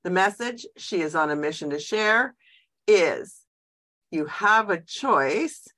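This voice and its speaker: A woman's voice: lowish voice, lively intonation, takes it slowly, a bit bright. A woman hosting a casual podcast conversation, introducing her guest and asking questions with frequent fillers and restarts. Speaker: podcast host. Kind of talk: casual interview chat.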